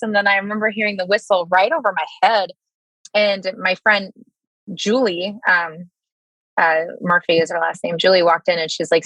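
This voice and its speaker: A woman in her thirties with an American accent, a guest telling her Army stories in a candid interview, halting with many fillers and restarts. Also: mid-range voice, fairly bright tone, no echo, rough recording.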